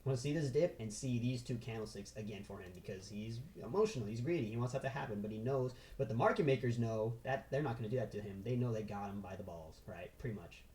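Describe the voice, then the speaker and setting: A man walking through a trading chart in an excitable, casual way, punctuating every point with "right?" and "boom." His voice is warm and mellow, recorded with a roomy echo. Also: quick pace, few pauses, a little hiss or hum. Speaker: trading instructor.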